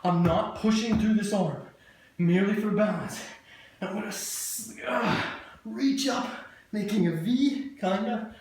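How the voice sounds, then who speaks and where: This woman leads an exercise session while moving along, her medium-pitched, somewhat dark voice keeping a measured pace. Cheerful and full of jokes, she calls out each move; the audio is distant, highly reverberant and carries audible noise.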